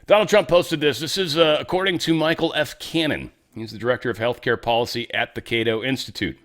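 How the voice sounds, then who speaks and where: A man's voice: medium pitch, a little fast, fairly bright tone. A man hosting a casual political commentary show, talking in a loose, sarcastic, rambling way. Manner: loose, sarcastic, rambling, drops into mock voices.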